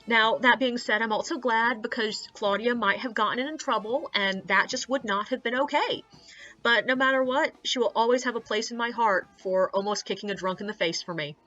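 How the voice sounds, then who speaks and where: A woman's voice: on the high side, brisk, bright, forceful tone, muffled recording, soft background music. A young woman, a tour guide, telling anecdotes in a chatty, casual way, peppered with likes, uhs and swearing. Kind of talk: casual storytelling vlog.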